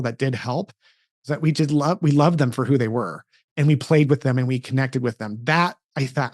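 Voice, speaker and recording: A man's voice: medium pitch, dry recording, studio quality. A middle-aged man, a podcast host, telling a personal story earnestly in casual interview chat, often restarting his sentences.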